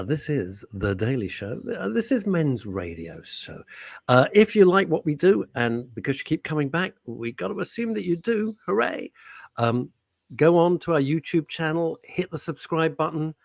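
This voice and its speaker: A man's voice: fairly high pitch, gravelly, darkish tone, dry recording. A man hosting a radio show, chatting in a rambling, jokey, self-mocking way. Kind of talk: casual chat. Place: radio studio.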